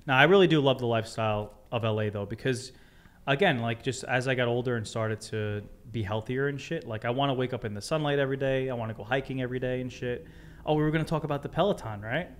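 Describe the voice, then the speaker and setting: A man's voice: mid-range voice, fast. A man in his thirties as a podcast guest, talking in a laid-back, slangy, profane way. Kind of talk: casual chat.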